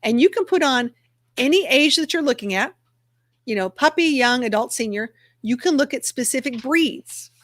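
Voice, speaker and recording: A woman's voice: high voice, expressive, moderate pace, no room sound, clean studio sound. Chatty upbeat woman livestream host. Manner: chatty and upbeat, narrating her clicks aloud. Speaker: livestream host for a dog rescue community. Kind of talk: casual livestream chat while sharing her screen.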